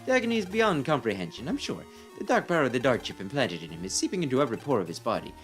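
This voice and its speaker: A man's voice: mid-range voice, very animated, rapid-fire, fairly bright tone, faint music behind. A man voicing a sinister male mad scientist from a video game, speaking with gleeful, giggly menace. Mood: gloating.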